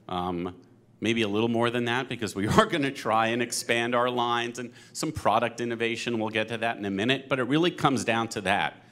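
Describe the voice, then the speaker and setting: A man speaking at a panel conversation as a company co-president, earnest and halting, getting teary. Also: medium pitch, fairly bright tone. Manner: earnest, emotional, halting with fillers. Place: synagogue event hall.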